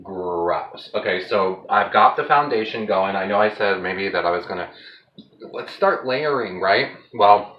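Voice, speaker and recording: A man's voice: fairly low pitch, lively intonation, unhurried, roomy sound, dull audio. A man chatting casually to his viewers while he cooks at home, rambling from one thought to the next. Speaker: home cooking vlogger. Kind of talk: casual cooking vlog chat. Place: home kitchen.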